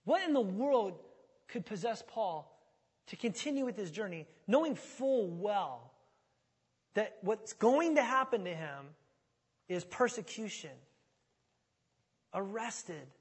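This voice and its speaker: A man preaching a sermon in a casual, conversational way, swinging from loud pleading to quiet, low asides. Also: sing-song, takes it slowly, pauses often, husky. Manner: conversational, dramatic retelling with big swings in volume. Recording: reverberant hall.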